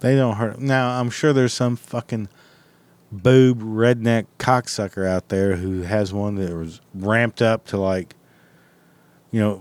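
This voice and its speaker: A man's voice: on the low side, darkish tone, dry recording. A man telling a rambling story in a blunt, heavily profane, casual way.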